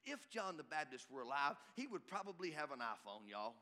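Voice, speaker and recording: A man preaching a sermon, emphatic and climbing to shouts at his peaks. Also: on the high side, sing-song, fairly quick. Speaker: pastor. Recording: reverberant hall.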